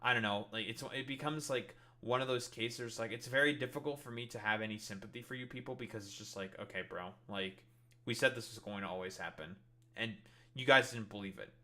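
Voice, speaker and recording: A man ranting on a live stream in loose reaction commentary, swearing often and mocking others. His voice is bright and forceful, and his pitch sits in a middle range. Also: brisk.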